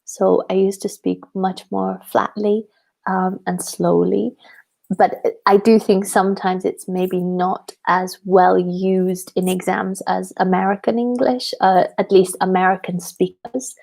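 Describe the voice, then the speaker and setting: Young Welsh woman, teacher and channel host, friendly live Q&A, strong vocal fry. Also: mid-range voice, level tone, unhurried, a little mellow. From Wales. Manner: chatty, laughs often, many ums. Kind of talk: live question-and-answer chat.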